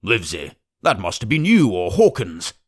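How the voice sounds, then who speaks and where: A man voicing an excitable, blustering country squire given to loud, indignant outbursts. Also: fairly low pitch, normal speed, no room sound, studio quality.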